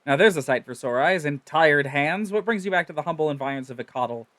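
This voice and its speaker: A man's voice: fairly high pitch, lively intonation, fast talker, a bit bright, dry recording. A man reading as a boastful engineer. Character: proud male engineer, cheerful and boastful.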